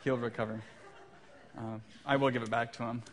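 A man's voice: medium pitch, flat delivery, normal speed, a bit bright. A man in his thirties, a pastor preaching a sermon in a church, telling stories about his young kids with light self-deprecating humor. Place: church sanctuary.

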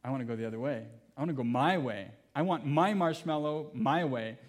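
A man's voice: mid-range voice, a little fast, natural voice. A man voicing a stubborn toddler girl who insists on her own way, in an insistent, whiny tone.

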